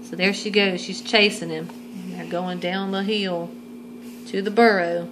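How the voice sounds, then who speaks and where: A woman reading a children's picture book aloud, adding gentle asides for young listeners. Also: on the low side, steady tone, measured pace, a little hiss or hum, low-quality recording. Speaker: storytime reader.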